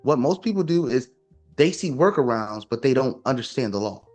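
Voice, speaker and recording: A man's voice: mid-range voice, animated, normal speed, a little mellow, faint music behind. A man talking casually and emphatically, lecturing with rhetorical questions. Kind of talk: casual opinion talk.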